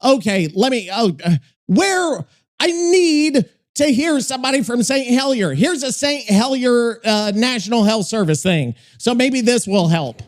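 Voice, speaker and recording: Man hosting a podcast, high voice, very lively pitch, rambling and profane. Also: unhurried. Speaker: podcast host. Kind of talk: casual podcast chat.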